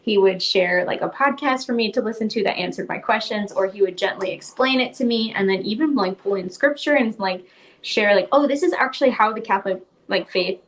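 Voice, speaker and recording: A young woman talking as a podcast guest, pitched in an ordinary middle range. She chats freely, strings her thoughts together with lots of "like", and laughs easily as she recounts. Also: brisk. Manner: chatty, heavy use of "like", laughs often. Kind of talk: casual interview storytelling.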